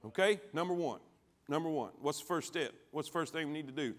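A man preaching a sermon as pastor, calling on the congregation to answer back and swinging from quiet, low lines to loud ones. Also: fast talker. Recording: church sanctuary.

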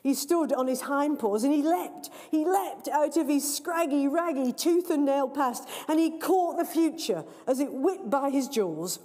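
A woman author reading her own story aloud, in a lively, playful storytelling manner, in a large library hall. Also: sits high, unhurried, few pauses. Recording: long reverb of a large hall.

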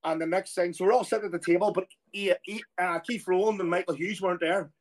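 A middle-aged Irish man, a former footballer, telling a long anecdote in a casual, animated way and acting out the people he quotes. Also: high voice, fast. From Ireland. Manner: animated storyteller who acts out quoted voices.

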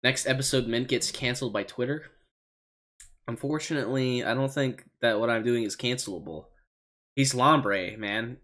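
A man's voice: medium pitch, brisk, fairly bright tone. A man streaming a video game, reading its text aloud between jokes and swearing. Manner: jokey, profane, reads game text aloud. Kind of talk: casual gameplay commentary.

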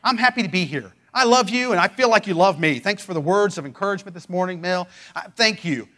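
A male pastor delivers a fervent sermon in a notably high voice. He swings between forceful proclamations and quiet, pleading passages, stretching his phrases out for emphasis. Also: animated, quick pace. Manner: fervent preaching, swings from loud declarations to hushed pleading.

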